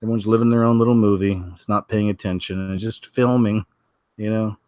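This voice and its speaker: Male commentator, relaxed and rambling, deepish voice, dry sound. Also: a little fast, smooth, no room sound. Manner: laid-back, chatty, trailing asides. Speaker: video commentator. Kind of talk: casual commentary on news clips.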